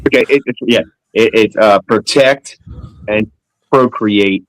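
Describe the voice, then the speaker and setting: A man's voice: on the low side, a little slow, dry recording, low-quality recording. A man on a discussion panel who rambles and searches for his words in casual talk.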